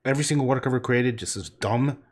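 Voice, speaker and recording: A man's voice: medium pitch, fast talker. A man livestreaming while he paints, chatting casually in a joking, rambling way with frequent swearing. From Canada.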